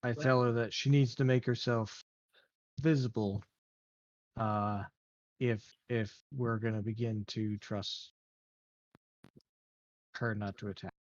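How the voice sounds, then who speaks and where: A man's voice: lowish voice, steady tone, takes it slowly, pauses often, no echo. Hesitant male gamer on a dull mic. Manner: hesitant, with many fillers. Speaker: player. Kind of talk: describing his character's actions.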